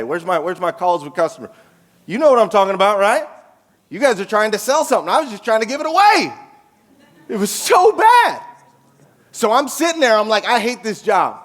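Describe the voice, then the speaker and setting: A man with a high, bright voice delivers a lively keynote talk, firing questions at the audience and joking as he goes. His voice comes through a stage mic and rings out in a long reverb from the large, dim hall. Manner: animated, jokey, engages the crowd with questions. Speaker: keynote speaker. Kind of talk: energetic conference keynote storytelling.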